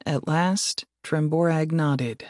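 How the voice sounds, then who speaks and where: A man reading fantasy fiction aloud as an audiobook narrator, in a measured, steady way. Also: a little high, no room sound, studio quality.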